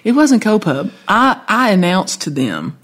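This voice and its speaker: A woman's voice: medium pitch, unhurried. A woman songwriter with a Southern accent, telling a long anecdote in an interview and acting out the voices of the people in it. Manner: animated storyteller, acts out quoted voices. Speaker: songwriter guest. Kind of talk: storytelling interview.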